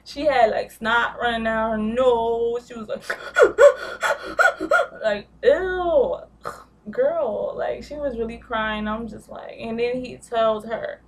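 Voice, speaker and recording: A woman's voice: on the high side, slow, recorded from a distance. A young woman vlogging a casual, gossipy recap of a reality show, blunt and profane.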